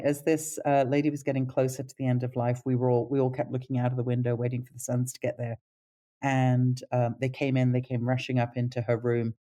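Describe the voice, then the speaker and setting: A middle-aged woman, a palliative care nurse, telling stories in a casual interview and jumping up in pitch when she quotes people. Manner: animated pitch when quoting others.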